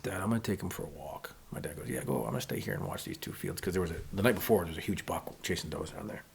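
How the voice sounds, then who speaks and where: Fast-talking gravelly man telling stories. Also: low voice, slight background noise. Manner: animated, acts out quotes of others. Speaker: podcast guest. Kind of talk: casual storytelling.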